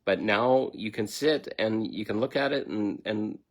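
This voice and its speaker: A man's voice: on the low side, measured pace. A middle-aged man giving a blunt, emphatic self-help talk, swearing freely as he tells a personal story. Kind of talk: motivational self-help monologue.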